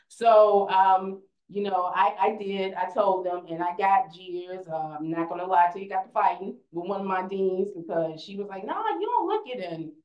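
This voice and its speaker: A woman's voice: fairly low pitch, roomy sound, muffled recording. A young woman speaking on a conference panel, earnest and conversational, often restarting her sentences.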